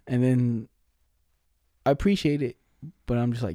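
A young man cohosts a casual podcast, spinning slangy stories with frequent laughs. His voice is mellow and warm. The sound is dry and close. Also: mid-range voice, fairly even intonation, fast talker, pauses often, no room sound. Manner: laid-back slangy storytelling, frequent laughs. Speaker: podcast co-host. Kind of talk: casual chat.

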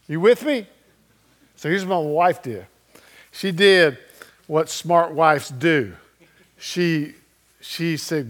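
A middle-aged man preaching a sermon as a pastor, telling a story in a conversational way and often checking in with his listeners. He moves between loud and very soft delivery. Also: sits high, normal speed.

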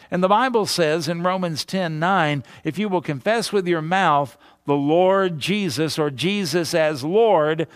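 A man's voice: fairly high pitch, no echo, clean studio sound. A man pastor preaching a sermon, emphatic and repetitive, building his points with rhetorical questions.

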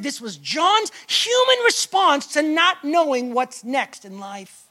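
A man delivers a sermon in a strikingly high voice. He builds to loud, emphatic lines, then lets phrases sink to a near whisper, and he voices the doubts of people in pain. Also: big pitch swings, slow pace. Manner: preaching with rising emphasis and quiet drops, acting out voices of the hurting. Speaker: pastor.

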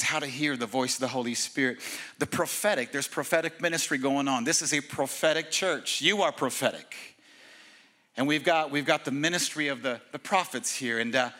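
Bright-voiced energetic male preacher. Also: mid-range voice. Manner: energetic, casual preaching with slang and humor. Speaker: pastor. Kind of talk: sermon. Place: church service.

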